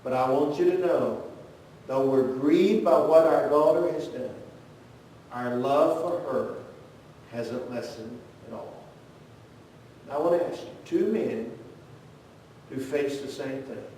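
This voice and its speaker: A man's voice: slow pace, long pauses, warm tone. A man preaching a sermon, telling a story earnestly and putting direct questions to his congregation. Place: church sanctuary. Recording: very echoey church, voice from far off, faint rumble.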